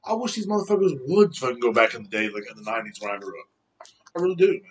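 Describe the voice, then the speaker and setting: A man's voice: mid-range voice, big pitch swings, racing, husky. A man in his thirties hosting a podcast, ranting heatedly and rambling, swearing often. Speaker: podcast host. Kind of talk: casual rant.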